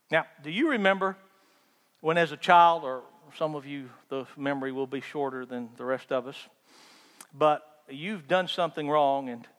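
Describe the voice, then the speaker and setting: Animated preacher in a hall. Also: male voice, mid-range voice. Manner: animated storytelling, acts out voices, swings from loud to hushed. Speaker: pastor. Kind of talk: sermon. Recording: hall reverb.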